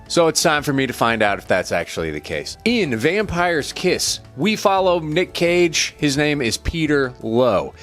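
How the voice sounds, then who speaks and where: A man recapping a film as a casual movie reviewer, in a blunt, irreverent way with the odd swear word. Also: mid-range voice.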